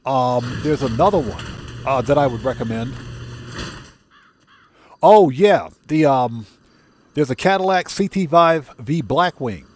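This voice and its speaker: A man's voice: mid-range voice, animated, a little slow, pauses often, a little mellow, a little hiss or hum. A man hosting a solo game livestream, casually reading and answering chat with frequent chuckles, speaking. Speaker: livestream gamer host.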